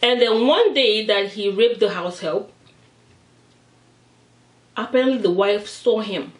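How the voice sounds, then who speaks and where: A woman's voice: medium pitch, slow pace. A young Nigerian woman vlogger with a Nigerian accent, retelling a story animatedly as she eats. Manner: animated, dramatic retelling, acts out voices. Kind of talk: storytime chat while eating. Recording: roomy, mic at a distance.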